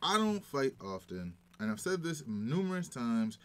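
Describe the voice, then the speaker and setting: A man chatting casually as a guest, telling stories in an animated, emphatic way. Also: mid-range voice, unhurried. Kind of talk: casual chat.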